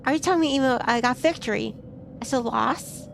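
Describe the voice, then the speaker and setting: A woman's voice: high-pitched, brisk, creaky, noisy background. A woman streaming a game, chatting casually and playfully, reacting aloud to what happens on screen.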